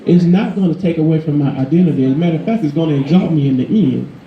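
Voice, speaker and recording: A man's voice: rapid-fire, dull audio. Emphatic preaching man in echoey church. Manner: conversational, emphatic, rising in pitch for emphasis. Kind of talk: sermon.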